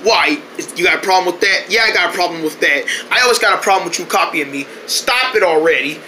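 A man's voice: high-pitched, expressive, fast talker, few pauses, sharp tone, slight background noise. A man doing homemade cartoon voice acting, switching between exaggerated character voices and yelping. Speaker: cartoon voice actor.

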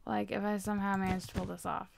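A woman's voice: mid-range voice, flat delivery, quick pace, gravelly, a little hiss or hum. A young woman chatting through a building game, rambling and poking fun at herself. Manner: chatty, self-mocking, rambling. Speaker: gaming channel host. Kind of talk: casual gameplay commentary.

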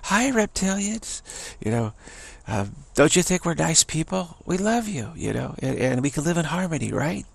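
A man putting on bossy, high-voiced Eve. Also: very animated, moderate pace, creaky, no echo, exaggerated voice. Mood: sweet-talking. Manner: bossy, snapping orders. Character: bossy overconfident Eve, woman in charge.

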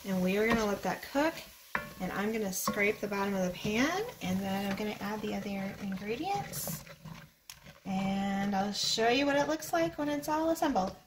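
A woman's voice: mid-range voice, moderate pace, roomy sound, background noise. A woman hosting a home cooking video, chatting casually as she explains each step. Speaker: cooking channel host. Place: home kitchen.

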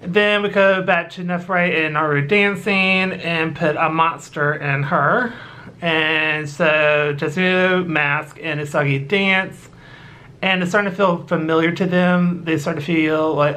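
A YouTuber casually recapping and reviewing an anime episode, halting often with fillers. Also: mid-range voice, steady tone, pushed and bright. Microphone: battery-powered recording device.

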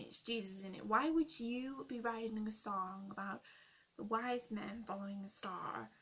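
A snarky, rude young woman with a gravelly, husky voice, as a woman puts her on. She is blunt and sarcastic, swears freely, and mocks everything around her in a comic role-play vlog rant. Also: medium pitch, a bit bright.

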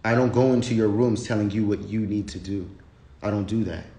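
This fairly low, dark-toned man speaks briskly with fairly even intonation. He hosts a casual livestream, ranting off the cuff in blunt, profane language and frequently restarting his sentences. Roomy echo colors the recording.

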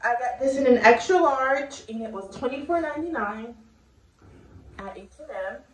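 A woman's voice: high-pitched, moderate pace, slight background noise. A young woman chatting casually through a clothing try-on haul at home, bubbly and full of filler words. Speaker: fashion vlogger. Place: home room. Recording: echoey room audio, distant mic.

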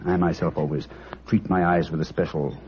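An actor playing Sherlock Holmes, a confident detective explaining crisply, in old-time radio acting. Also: male voice, deep voice, fairly even intonation, a little fast, slight background noise, close to an everyday voice. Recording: dull old radio recording.

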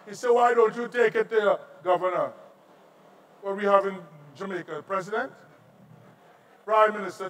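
A middle-aged man with a Trinidadian accent preaching a sermon as a visiting pastor, jumping from quiet asides to shouted lines. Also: sits high, normal speed, far from the mic. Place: large auditorium.

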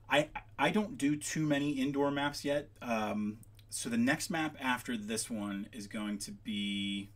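A man hosting a casual livestream while he works, rambling off on tangents with lots of ums, his voice gravelly at times. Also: on the low side, a bit bright. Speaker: livestream host making maps.

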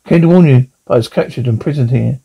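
Calm formal martian, soft and gravelly man voicing. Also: mid-range voice, fast talker, muffled recording. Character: calm telepathic male alien from Mars.

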